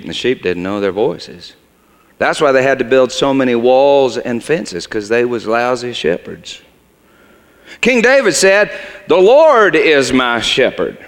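A self-mocking redneck shepherd , played by a man, with a drawl. His lively voice leaps from loud scorn to low, bitter mutters. It rings with the long echo of a big hall. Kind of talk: theatrical character monologue. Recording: long reverb of a large hall.

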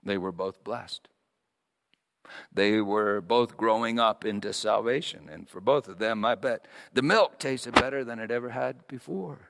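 A man's voice: measured pace, gravelly. A man preaching a sermon, dramatic and storytelling, in a church. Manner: dramatic, rising to high excited quoted voices. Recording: long reverb of a large hall.

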